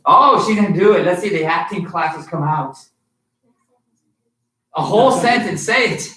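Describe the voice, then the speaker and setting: A man's voice: high-pitched, a little slow. Upbeat male instructor in a roomy studio. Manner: upbeat, animated, coaxing children. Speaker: martial arts instructor. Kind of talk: live-streamed kids' class teaching. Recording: roomy sound from far off.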